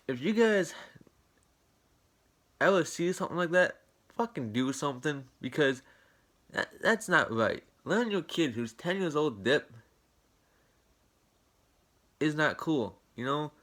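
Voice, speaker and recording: A man's voice: mid-range voice, fairly bright tone. A young man telling a storytime tale to camera, rambling and indignant, swearing often. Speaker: vlogger. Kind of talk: casual storytime rant.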